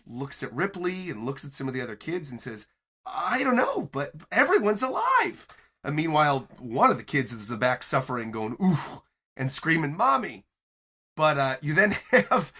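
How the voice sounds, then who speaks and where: Male podcast host, higher voice, lively delivery, narrating a story recap. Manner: animated, acts out character lines as he narrates. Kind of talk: enthusiastic chapter recap.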